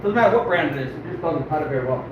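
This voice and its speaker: High, lively man swearing in an echoey room. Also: rapid-fire, highs cut off. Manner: swears often, talks to viewers as he works; frustrated and self-deprecating. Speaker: fur trapper. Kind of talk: casual live-stream demonstration. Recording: echoey room, mic far off, background noise.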